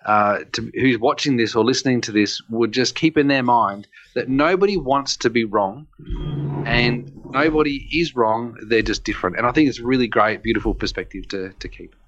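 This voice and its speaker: A man hosts a podcast, speaking earnestly in a mid-range voice. He pauses and restarts as he looks for the right words. The sound is slightly dull and lo-fi. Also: mid-range voice, a bit bright. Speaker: podcast host. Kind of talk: reflective conversational commentary.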